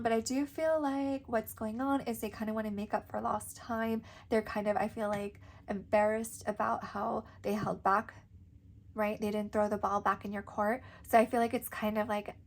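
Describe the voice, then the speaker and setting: A woman's voice: a little high, vocal fry. A young woman doing a casual tarot reading, chatty and giggly, with lots of "like" and "um". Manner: chatty, giggly, filler-heavy. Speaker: tarot reader.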